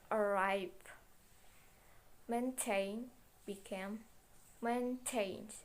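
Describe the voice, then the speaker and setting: A young woman, an Indonesian-speaking student, presents a phonetics lesson by reading it with slow care, stumbling into repetitions and fixing her own mistakes. She has a medium pitch, and the recording is low quality.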